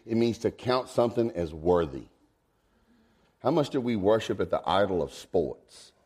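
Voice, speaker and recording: A man, preaching a folksy sermon. He swings from low asides to high, emphatic exclamations. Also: animated, moderate pace, warm tone, husky. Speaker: pastor.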